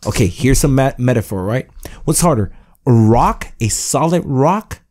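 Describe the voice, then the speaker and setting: A male podcast host at a middle pitch who muses aloud as he talks. He keeps checking in with his guests by asking "right?". His tone stays loose and conversational. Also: expressive, normal speed. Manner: thinking out loud, keeps tagging "right?". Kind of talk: casual chat.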